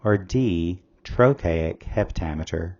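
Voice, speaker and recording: Man, tutor, very low voice, measured, reads questions and answer choices aloud. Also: a little mellow, muffled recording. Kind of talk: scripted test-prep lesson.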